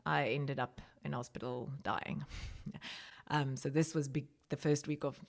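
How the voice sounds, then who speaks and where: Woman guest from South Africa, low voice, conversational testimony, emotional. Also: steady tone, unhurried, creaky. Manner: emotional, rising pitch when recounting prayer. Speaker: podcast guest.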